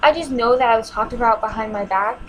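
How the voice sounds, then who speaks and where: Her voice a little high and her delivery fast, a teenage girl retells a personal experience in a home vlog. The recording is rough. She acts out people's words, sounding emotional and fed up.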